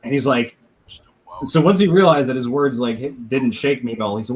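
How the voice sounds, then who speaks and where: A podcast host with a medium-pitched voice talks at a brisk clip over a rough recording. He spins a long, profane story in a casual way, occasionally laughing and impersonating what others said.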